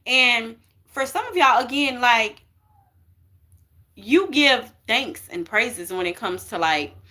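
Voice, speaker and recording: A woman's voice: on the high side, expressive, slow pace, sharp tone. A young woman doing a casual spiritual card reading for her viewers, talking emphatically and checking in with "okay" and "y'all" over and over. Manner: chatty, emphatic, keeps saying okay and y'all.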